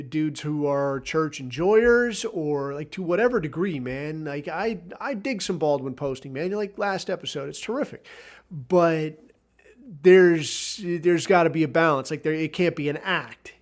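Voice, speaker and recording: A man's voice: fairly high pitch, unhurried. A man hosting a podcast, telling a rambling story in a casual, profane, sardonic way. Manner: rambling, heavy swearing, sardonic. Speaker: podcast host.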